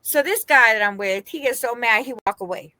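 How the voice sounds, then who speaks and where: A woman from Las Vegas co-hosting a podcast, telling a story in casual chat, animated and laughing as she quotes the people in it. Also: a little high, a little fast, no room sound. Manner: animated, laughing, quoting others in her story. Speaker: podcast co-host.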